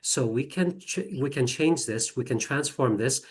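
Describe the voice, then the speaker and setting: A woman teacher trainer giving an online presentation while screen sharing, chatty and enthusiastic with quick apologetic asides, on a computer mic. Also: extremely low pitch, a little mellow, husky.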